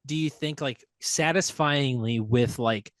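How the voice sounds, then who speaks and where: A man's voice: medium pitch, a little slow, no echo. A young man on a podcast, chatting casually and animatedly, telling stories and swearing freely. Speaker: podcast host. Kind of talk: casual chat.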